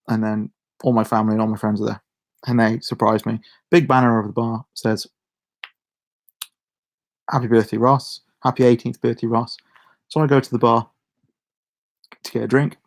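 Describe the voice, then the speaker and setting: A man's voice: mid-range voice, darkish tone. A young man with a Shropshire accent chatting casually to his channel's viewers, rambling, restarting sentences and chuckling. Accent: Shropshire English. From Shropshire, England. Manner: rambling, self-interrupting, chuckles a lot. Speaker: YouTuber. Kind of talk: casual chat to camera.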